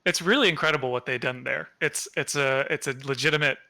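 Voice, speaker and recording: A man in a casual stream chat, halting and self-conscious, with stumbling restarts. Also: fairly high pitch, vocal fry, sharp tone, no room sound.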